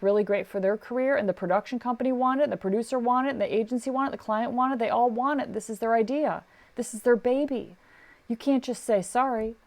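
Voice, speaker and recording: A middle-aged woman, a sound recordist, chatting casually on a podcast and acting out the people in her stories. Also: fairly high pitch. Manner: animated storyteller, acts out quotes. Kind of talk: casual advice chat.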